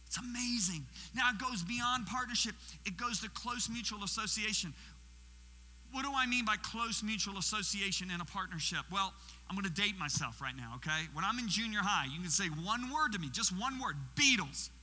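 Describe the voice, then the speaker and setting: A man's voice: high-pitched, moderate pace, bright, forceful tone. A man in his sixties, a guest preacher giving a sermon, telling stories, acting out what people said and putting questions to the audience. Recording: reverberant hall with faint mains hum.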